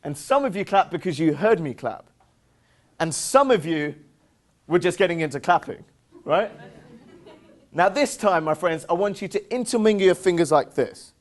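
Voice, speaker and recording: An English-accented man leads a lively motivational seminar in a high, bright voice. He keeps firing yes-or-no questions at the crowd and slips in teasing jokes. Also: normal speed. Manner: upbeat, drills the crowd with call-and-response questions. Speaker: seminar presenter. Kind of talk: interactive motivational seminar talk.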